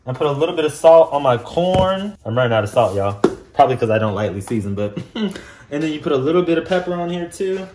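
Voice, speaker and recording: A man's voice: a little high, sing-song, fast talker, echoey room, noisy background. A young man vlogging his cooking at home, playful and chatty, talking straight to his viewers and laughing often. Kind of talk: casual cooking vlog. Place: home kitchen.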